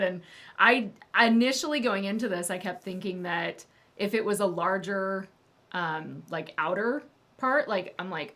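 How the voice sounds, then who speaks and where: A woman taking part in a casual livestream chat about her hi-fi experience, thoughtful and quick to laugh. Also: mid-range voice, fairly bright tone. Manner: giggly and thoughtful. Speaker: guest and co-host.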